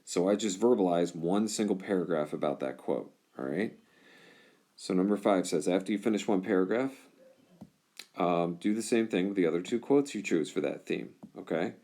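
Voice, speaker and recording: A man's voice: low voice, moderate pace, dark tone. A male teacher explaining test directions to his class, informal and reassuring, often checking in with "all right?". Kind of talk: explaining test directions over a whiteboard screencast.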